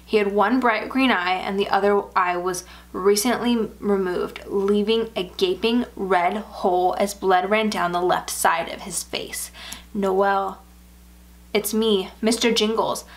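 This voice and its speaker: Woman narrator, horror story reader, steady and measured, middle pitch. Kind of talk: first-person horror story reading.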